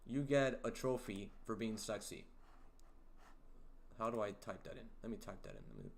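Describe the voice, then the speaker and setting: A man hosting a livestream, chatting casually and teasing his viewers in a rambling, halting way. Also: lowish voice, animated, creaky, slight background noise. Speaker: livestream host. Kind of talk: casual livestream chat, reading viewer comments.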